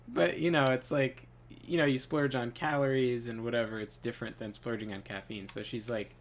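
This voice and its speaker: A man's voice: medium pitch, moderate pace, slight background noise. Male gaming host, casual rambling storyteller, filler-heavy, laughs easily, mid-range voice. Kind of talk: casual storytelling while playing a game.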